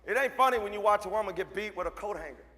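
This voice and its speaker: A man with a high-pitched voice speaks to a school crowd. He tells stories with emphasis and hammers his points through repetition. His voice rings out with a long reverb through a large hall. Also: very fast, sharp tone. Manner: emphatic, storytelling, repeats for effect. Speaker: motivational speaker and mentor. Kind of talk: speech to a school assembly.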